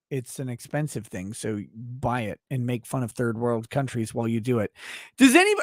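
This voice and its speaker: A man's voice: on the high side, a bit bright, no room sound, studio quality. A man hosting a casual livestream, reading viewer messages aloud in a blunt, emphatic way. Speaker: livestream host.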